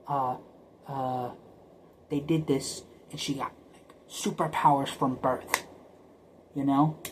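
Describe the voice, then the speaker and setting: A man's voice: medium pitch, level tone, takes it slowly, a little hiss or hum, low-quality recording. A man talking to camera in a rambling, casual monologue, often repeating and stuttering over words and now and then dropping to a whisper. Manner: drops to whispers at times. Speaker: vlogger.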